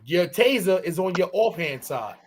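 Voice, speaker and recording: A podcast co-host talking in a high voice, loose and profane. He tells stories in casual chat and sometimes bursts into loud, shouted impressions. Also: very animated, normal speed.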